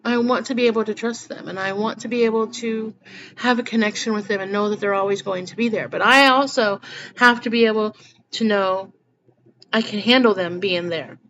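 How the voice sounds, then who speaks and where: A woman's voice: medium pitch, a little fast, fairly bright tone. Earnest rambling woman vlogging. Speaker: spiritual vlogger. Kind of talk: personal vlog monologue. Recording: slightly muffled with faint background noise.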